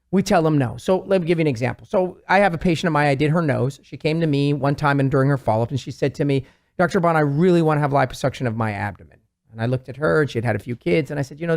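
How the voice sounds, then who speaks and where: A fast-talking man with a slightly high voice tells stories about his patients on a talk show. He is animated and acts out their lines as he goes, like a surgeon on a studio mic. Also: vocal fry. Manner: animated storyteller, quotes patients in lively voices. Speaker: plastic surgeon, show regular. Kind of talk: casual talk-show conversation.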